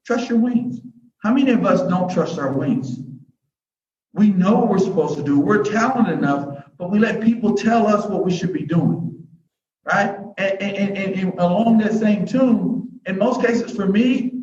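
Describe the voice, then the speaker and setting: A man's voice: high voice, darkish tone, a little hiss or hum. A man telling motivational stories as an interview guest, with a folksy, preacher-like cadence and many restarts. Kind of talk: motivational storytelling. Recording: echoey, distant, dull audio.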